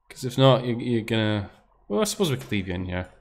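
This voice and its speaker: A man's voice: on the low side, sing-song, quick pace. A man streaming a game, chatting casually and laughing while he swears at what happens on screen. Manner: laughing, swearing, talking to himself.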